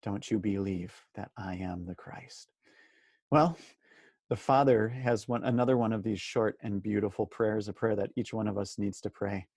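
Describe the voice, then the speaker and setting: A man's voice: lowish voice, steady tone, normal speed, darkish tone, husky, dry recording, clean studio sound. A man leading a daily Bible study who talks earnestly, often asking rhetorical questions and repeating words for emphasis. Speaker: Bible teacher.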